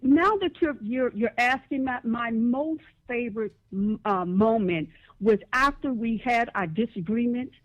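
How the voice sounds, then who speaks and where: A woman's voice: fairly high pitch, measured pace, lo-fi sound. A woman guest in a radio interview, telling her story earnestly. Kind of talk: casual interview.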